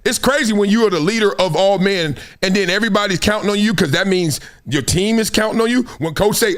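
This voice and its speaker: A middle-aged man hosting solo sports commentary, animated and fond of acting out quotes in other voices. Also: sits high, fast, few pauses.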